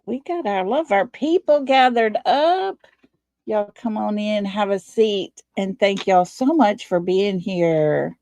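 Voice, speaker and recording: A woman's voice: mid-range voice, expressive, slow pace, darkish tone, dry recording. A tired woman with a Texan accent hosting a casual livestream, chatting folksily and greeting viewers by name. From Texas. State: tired, low on energy. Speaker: livestream host. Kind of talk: casual live-stream chat.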